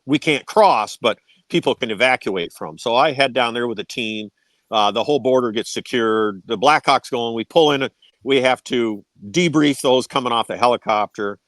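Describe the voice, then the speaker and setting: A man's voice: mid-range voice, moderate pace, fairly bright tone, dry recording. A man telling war stories as a podcast guest, swearing freely and tagging his sentences with "right?". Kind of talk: casual storytelling.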